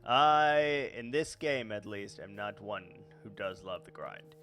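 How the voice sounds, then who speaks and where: A man's voice: lowish voice, slow pace, a bit bright, faint music behind. A man hosting a let's play in casual gameplay commentary, rambling and correcting himself with many fillers.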